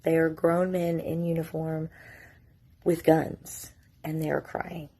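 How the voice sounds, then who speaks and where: Husky low-voiced woman, emotional. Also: level tone, slow, warm tone. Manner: emotional, holding back tears, casual swearing. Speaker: mother telling her family's story. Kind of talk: casual storytime vlog.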